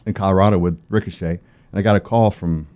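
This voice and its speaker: Middle-aged guy, low mellow voice, storytelling on a radio interview, does little voices for people. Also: quick pace. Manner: animated storyteller, quotes people in character. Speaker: guest songwriter.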